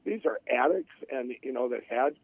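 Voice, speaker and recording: This middle-aged man's gravelly, husky voice is medium-pitched with lively intonation and normal speed as he rambles through his life story for an interviewer. He restarts often and acts out quotes from others; the tinny phone-line audio has no echo.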